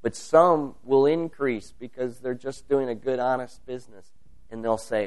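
A man's voice: mid-range voice, moderate pace, a little mellow. A man leading a spontaneous spoken prayer, fervent and repetitive in his petitions. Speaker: prayer leader.

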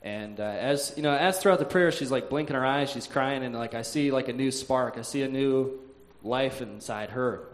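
A man telling a personal faith story in a halting way, with frequent "uh"s, sighs and restarts. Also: mid-range voice.

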